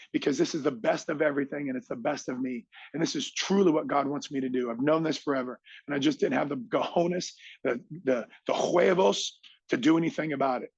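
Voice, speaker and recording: A middle-aged man speaks as a podcast guest with a raspy, gravelly, slightly high voice. He tells his story with motivational drive and acts out the people in it. The recording is dull and lo-fi, in a dry room. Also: dry recording. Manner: animated, acts out others' lines in quotes.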